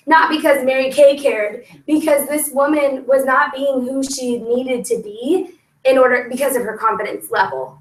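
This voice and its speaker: A young woman leading a lively sales training talk to a group, coaching her team and acting out sample pitches. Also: moderate pace, far from the mic. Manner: energetic, coaching, acts out scripts. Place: meeting room with a group. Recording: echoey room, voice from off-mic.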